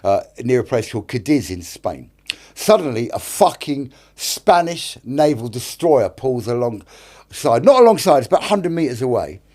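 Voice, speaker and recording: A man's voice: medium pitch, sing-song, normal speed, darkish tone. A middle-aged British man, an actor and director, tells stories as a podcast guest, swearing a lot and acting out other people's lines. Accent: British English. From Britain. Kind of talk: casual storytelling. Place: podcast studio.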